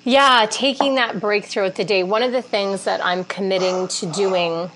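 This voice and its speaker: A woman in casual conversation, talking in an animated, self-deprecating way with lots of laughter and fillers. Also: mid-range voice, moderate pace, slight background noise. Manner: frequent fillers like "like" and "you know". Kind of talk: casual chat.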